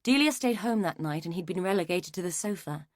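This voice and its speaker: A woman narrating a mystery audiobook in a measured, even storytelling manner. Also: fairly low pitch, no echo, studio quality. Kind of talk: scripted narration.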